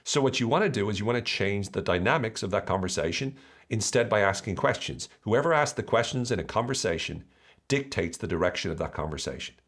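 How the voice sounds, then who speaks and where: A man hosts a motivational podcast in a fairly low voice. His pitch rises and falls a lot. He talks playfully and keeps slipping into little acted-out voices. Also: fairly quick. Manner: animated, playful, acts out voices. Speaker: podcast host.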